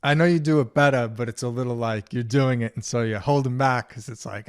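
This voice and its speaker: A man co-hosting a podcast, his voice sitting in an ordinary middle pitch. He chats casually, teases his co-host and breaks into laughter often. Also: fairly quick, clear, resonant tone. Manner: joking, teasing, laughs often. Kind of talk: casual chat.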